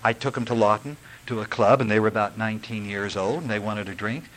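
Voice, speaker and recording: A man's voice: fairly low pitch, quick pace, fairly bright tone, rough recording. An older man giving an earnest, rambling, confessional recovery talk. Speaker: recovery speaker.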